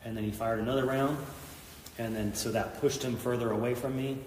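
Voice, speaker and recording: A man's voice: mid-range voice, steady tone, a little fast, reverberant, big-room sound, far from the mic, slight background noise. A middle-aged man, a police officer and veteran, telling an intense story in an interview, acting out what people said. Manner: intense retelling, acts out quoted lines.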